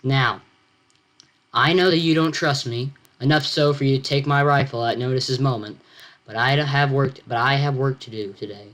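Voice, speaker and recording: A man's voice: medium pitch, moderate pace, fairly bright tone, lightly acted. Curt commanding English outcast, voiced by a teen boy. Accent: English, put on.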